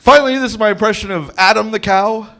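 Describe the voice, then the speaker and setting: A man's voice: high-pitched, pushed and bright. A man doing a rambling, self-deprecating stand-up set on an open-mic stage. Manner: slow, rambling, self-deprecating delivery in a cow costume. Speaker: stand-up comic. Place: comedy club stage.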